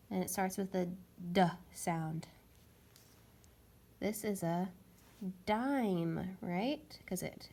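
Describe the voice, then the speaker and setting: Slow patient woman teaching phonics. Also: mid-range voice, vocal fry, a little mellow. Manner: slow, patient, sounding out letters. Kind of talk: phonics lesson for young children.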